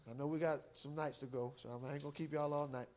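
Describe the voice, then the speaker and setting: A man's voice: a little high, steady tone, fast, darkish tone, slight background noise. A man preaching a revival sermon, emphatic and repetitive, drawing call-and-response from the congregation. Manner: emphatic, repeats words and restarts, chuckles. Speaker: guest preacher, church elder.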